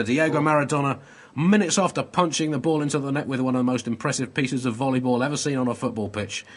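A man hosting a comedy podcast, introducing bits in a dry, mock-formal way. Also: a little high. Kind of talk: scripted comic links.

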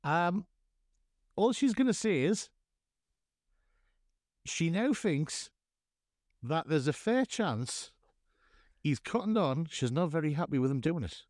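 Lively, theatrical man hosting a podcast. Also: fairly high pitch, slow, pauses often, dry recording, clean studio sound. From North East England. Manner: theatrical, mock-grand scene-setting. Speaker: podcast co-host. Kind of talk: casual chat.

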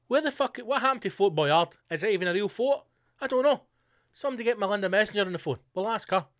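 A man hosting his own podcast, ranting hard and swearing freely. His voice sits a bit higher than most men's. He throws in sarcastic asides as he goes. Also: fairly bright tone, dry recording, clean studio sound. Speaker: podcast host.

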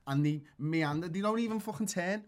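A man in casual chat, telling stories animatedly and swearing freely. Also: sits high. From Liverpool, England. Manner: fast, sweary, animated storytelling.

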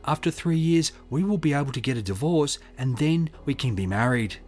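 A man's voice: mid-range voice, fairly quick, soft background music, lightly acted. Man doing a guarded accused clergyman. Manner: short, flat answers. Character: male clergyman on trial, terse and guarded.

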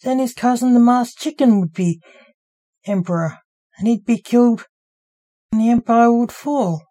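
A woman reading her own story aloud as its author, in an even, unhurried storybook narration. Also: fairly high pitch.

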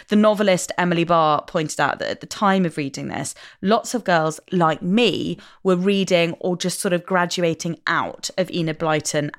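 Lower-pitched female co-host, wry and lively, part chat, part prepared notes. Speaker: podcast co-host. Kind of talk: casual book chat.

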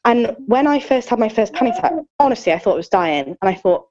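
A woman's voice: on the high side, animated, quick pace, a little mellow, lo-fi sound. A woman in her thirties chatting candidly as a podcast co-host, open and talkative with lots of fillers and self-mocking jokes. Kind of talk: candid casual chat.

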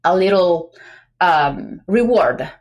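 Animated woman, lower pitch. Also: slow pace. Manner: animated, acts out quoted voices, many fillers. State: pregnant. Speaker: podcast guest, business coach. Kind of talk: casual interview talk.

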